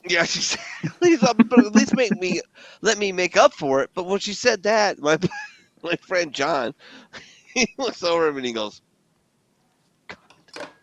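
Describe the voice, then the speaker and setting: A middle-aged man hosting a podcast, telling stories in casual, profane, animated chat. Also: sits high, moderate pace, no echo. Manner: animated storytelling with profanity and laughter. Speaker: podcast host.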